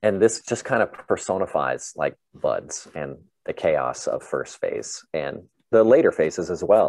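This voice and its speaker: A man's voice: low-pitched, no room sound. A man in an interview casually telling a story, laid-back, swearing freely and laughing at his own tale. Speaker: interview guest.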